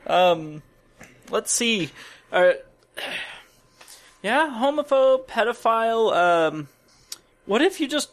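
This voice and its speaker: A man co-hosting a podcast in a relaxed, casual exchange. He pauses on fillers as he thinks aloud. Now and then he drops a dry joke. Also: extremely high pitch. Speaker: podcast co-host. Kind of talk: casual comedic chat.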